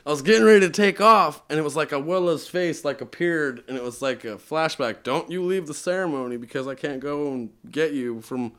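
A man sits in as a podcast guest and tells a long personal story casually, his voice pitched a little high for a man. He is animated, laughs often, and fills his talk with "like". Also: brisk, few pauses, clean tone. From Utah.

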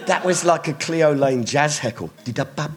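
A man doing stand-up at a live club gig, swearing often, shouting out to the crowd and riffing with hecklers. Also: fairly high pitch, lively intonation, normal speed, a little hiss or hum. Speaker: stand-up comedian. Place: live music club with audience.

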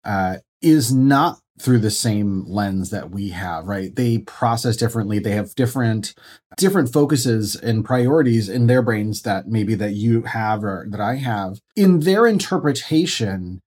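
A man co-hosts a parenting podcast and tells family stories in an easygoing way, with plenty of ums and uhs. His voice is slightly husky. His pitch rises and falls a lot as he talks. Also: a little slow. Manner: storytelling, lively, hesitant with fillers. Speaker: podcast co-host. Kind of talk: casual podcast chat.

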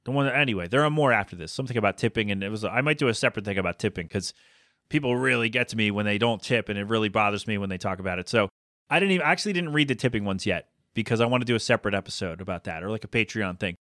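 A man hosting a solo podcast, talking casually and ranting with exasperation, his voice climbing higher as he gets worked up. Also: lively intonation, rapid-fire, a bit bright, no echo, clean studio sound. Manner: conversational with frequent fillers and self-corrections. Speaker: podcast host.

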